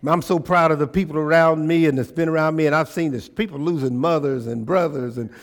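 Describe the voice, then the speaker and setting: A man preaching a call-and-response sermon as pastor in a church, swinging from shouting excitement to a low, hushed prayer voice. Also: a little fast. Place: church sanctuary.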